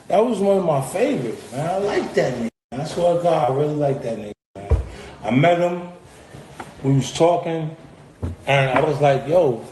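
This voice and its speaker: A man tells a casual story, loose and profane, and jumps into the voices of the people he quotes. His voice sits high for a man. The recording rings with the echo of a hard room. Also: a little mellow, slight background noise. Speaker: rapper recalling an encounter.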